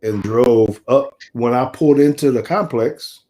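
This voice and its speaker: Middle-aged man, casual storyteller, mellow dark voice, acts out dialogue. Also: measured pace, a little hiss or hum. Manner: animated storyteller, acts out quoted dialogue with rising pitch. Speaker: guest, former pro football player and coach.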